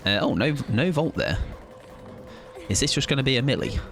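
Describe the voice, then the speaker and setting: A man streaming a game with casual, jokey commentary, often jumping into squealing high-pitched bursts. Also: very animated, normal speed, fairly bright tone, faint music behind.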